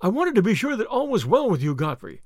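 A man's voice: sits high, huge pitch swings, fast talker, no echo, clean studio sound, exaggerated voice. A man voicing a firm, earnest male friend in an audiobook reading.

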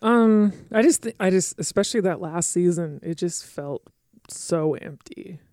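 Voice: mid-range voice, measured pace, a little mellow, dry recording, studio quality. A speaker in casual chat who hesitates and restarts sentences often.

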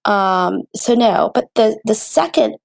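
A woman's voice: medium pitch, lively intonation, slow pace, creaky, no echo. A woman speaking as a guest on an interview, an earnest and passionate healthcare advocate who grows emotional. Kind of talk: interview conversation.

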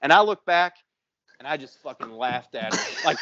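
A man in his forties, a podcast co-host, telling a profane story with lots of swearing and loud sound effects. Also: mid-range voice, very animated, a little slow, long pauses, highs cut off, heavy background noise. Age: 40s.

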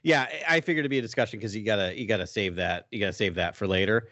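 A man's voice: lowish voice, very fast, no echo. A man co-hosting a podcast in casual chat, restarting his sentences as he goes. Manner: animated, restarts mid-thought. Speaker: podcast co-host. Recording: dry, muffled sound.

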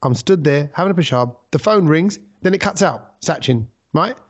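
A man hosting a casual podcast, telling a story with lively acted-out quotes. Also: a little high, moderate pace, breathy edge, muffled recording. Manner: animated storyteller who acts out quotes. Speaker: podcast host.

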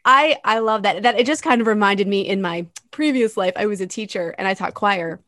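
A woman's voice: medium pitch, brisk, a bit bright, no echo, studio quality. A woman with an American accent co-hosting a podcast, telling a story with giggles. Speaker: podcast co-host. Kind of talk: casual chat.

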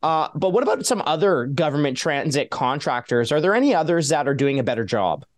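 A man's voice: on the high side, very animated, brisk. A man hosting a conversational podcast in a casual way, laughing often and jumping in with questions. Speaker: host.

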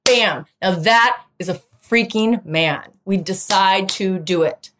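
A woman's voice: medium pitch, takes it slowly, background noise. A woman in her thirties hosting a podcast and telling a personal dating story in a chatty way, often acting out other people's lines in a raised voice. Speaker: podcast host. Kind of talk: casual storytelling monologue.

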